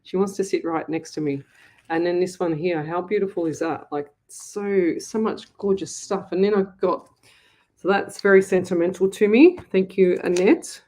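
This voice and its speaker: A woman's voice: lowish voice, steady tone, normal speed, warm tone, rough recording. A woman from Australia hosting a casual livestream from her home office, chatting in a gushing way with many restarts. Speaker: psychic medium, livestream host. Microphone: webcam.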